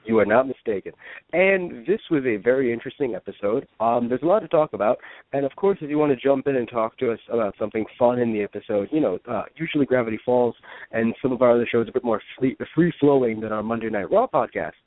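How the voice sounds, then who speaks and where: A man's voice: mid-range voice, lively intonation, fast, dry recording. A man co-hosting a casual radio podcast, chatting in a loose, rambling way. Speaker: podcast co-host. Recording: dry phone-line sound.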